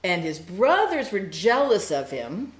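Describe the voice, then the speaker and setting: An animated woman leads a Bible study, slipping into playful asides and acted-out quotes. Her voice sits in a middle pitch. The room around her gives it a noticeable echo. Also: a little slow.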